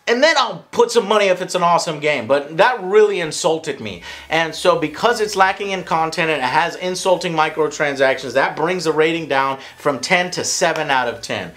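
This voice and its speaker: A young man co-hosting a casual game review chat, excitable and profane, ranting. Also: a little high, normal speed, hardly any pauses.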